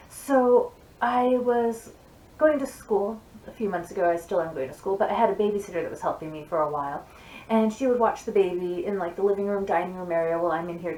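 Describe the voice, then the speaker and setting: A young woman chatting casually to camera as a parenting vlogger, telling stories in an animated way from her home office. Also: mid-range voice. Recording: echoey room, mic at a distance.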